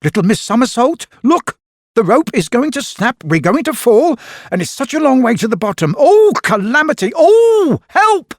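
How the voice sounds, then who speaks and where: A man's voice: fairly high pitch, very animated, slow, darkish tone, husky, dry recording, clean studio sound, full character voice. A man voicing a timid little storybook man who panics and cries out in a raised voice. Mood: panicked.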